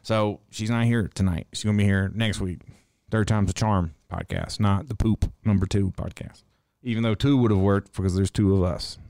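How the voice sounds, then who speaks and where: Very deep-voiced laid-back swearing man. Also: gravelly, a little mellow, no echo, studio quality. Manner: rambling, profane, laid-back storytelling. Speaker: podcast host. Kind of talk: casual livestream podcast monologue.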